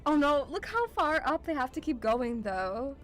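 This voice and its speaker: Female streamer, high-pitched, foul-mouthed and easily spooked, calls chat "sweetie", light music bed. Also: very animated, moderate pace, a bit bright. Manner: swears a lot, shrieks and laughs in fright. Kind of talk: casual reaction commentary.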